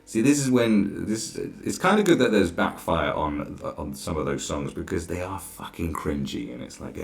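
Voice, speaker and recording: Sarcastic guy ranting, low gravelly voice, all over the place pitch-wise. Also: sing-song, normal speed, a little mellow, a little hiss or hum. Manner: exasperated, sarcastic, swears freely. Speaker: commentary vlogger. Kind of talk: ranting reaction commentary.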